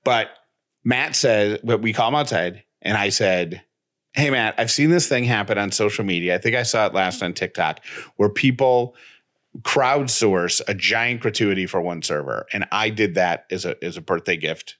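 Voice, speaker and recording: A man with a fairly low pitch co-hosts a podcast, speaking at normal speed. He tells a story casually and with animation, acting out each line of quoted dialogue.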